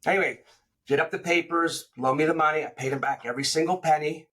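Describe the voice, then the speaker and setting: A man who owns a print company, telling a personal business anecdote in a relaxed interview, with animated retelling and repeated words. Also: fairly high pitch, fast talker. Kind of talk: casual storytelling in an interview.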